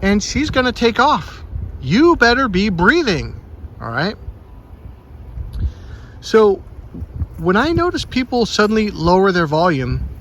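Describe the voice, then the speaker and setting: A man giving an animated, rambling outdoor monologue, swearing and correcting himself as he goes, on a handheld mic. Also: sits high, a little slow, pauses often, rough recording. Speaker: self-help vlogger. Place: outdoors by the water on a windy day. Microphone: handheld microphone, cupped at times. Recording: loud wind buffeting the microphone. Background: heavy wind noise.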